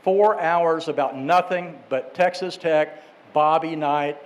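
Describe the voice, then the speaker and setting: Higher-voiced man telling a rambling story. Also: slow, poor audio. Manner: rambling, with restarts and asides. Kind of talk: casual anecdote telling.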